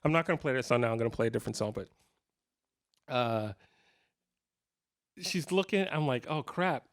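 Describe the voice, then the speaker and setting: A man's voice: mid-range voice, moderate pace. A man in his fifties, a guitarist telling funny stories to a live clinic audience. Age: 50s. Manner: animated, jokey anecdotes with frequent laughs. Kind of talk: casual storytelling to a live audience.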